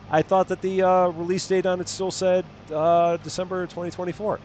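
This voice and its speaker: Slight background noise sits under a man's high, slightly mellow voice as he streams a farming game. His live commentary is casual and playful, and he often wonders aloud.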